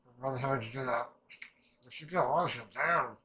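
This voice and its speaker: A young man rambling excitedly through a casual reaction commentary, swearing freely and restarting his sentences. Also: medium pitch, a little fast, poor audio. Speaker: anime reaction channel host.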